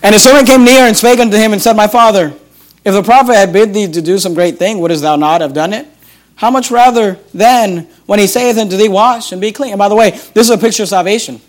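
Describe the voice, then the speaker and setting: A man's voice: high voice, fast talker. A man preaching a sermon as pastor, emphatic, repeating his phrases and acting out the voices in the scripture.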